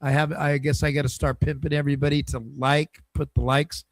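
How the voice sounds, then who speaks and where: A man's voice: on the high side, little pitch movement, fairly quick, no echo. A man hosting a casual football fan show, rambling and hesitant, asking viewers for likes. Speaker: football fan channel host.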